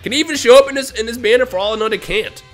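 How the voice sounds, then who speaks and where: A man commentating his own mobile game pulls for a video, swinging between low grumbling and shouted, exasperated outbursts. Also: rapid-fire, faint music behind. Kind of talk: gaming vlog commentary.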